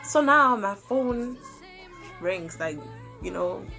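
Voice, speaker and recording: Young South African woman vlogger, chatty storyteller, swears freely, mid pitch, soft music bed. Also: takes it slowly, vocal fry. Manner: animated, swearing, hesitant fillers. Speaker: YouTuber. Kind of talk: casual storytime.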